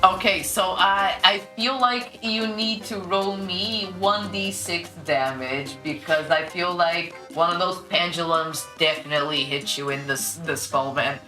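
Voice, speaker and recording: A woman's voice: on the low side, unhurried, few pauses, sharp tone, faint music behind. A woman narrating as game master in a tabletop game, casual and laughing as she describes traps.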